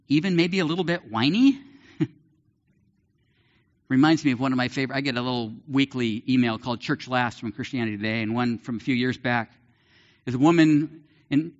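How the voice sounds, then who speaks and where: A male pastor preaching a sermon in an animated way, with big swings in pitch and the odd light laugh. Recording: dull lo-fi sermon recording.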